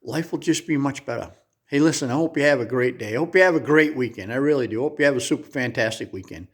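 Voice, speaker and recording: A man's voice: mid-range voice, fast talker, breathy edge. Earnest, folksy motivational man. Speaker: motivational speaker. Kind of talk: motivational talk.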